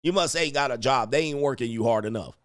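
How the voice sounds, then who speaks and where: Male streamer, mocking and animated, mid voice, dry room. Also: medium pitch, fast, no room sound. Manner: animated, mocking impressions of others. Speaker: livestream host. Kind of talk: casual livestream commentary.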